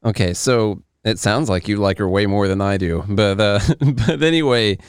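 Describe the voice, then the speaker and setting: A man's voice: fairly low pitch, moderate pace, clean tone, no echo, clean studio sound. Sarcastic Southern man in his thirties. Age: 30s. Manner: joking, sarcastic. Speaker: podcast host. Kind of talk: casual chat.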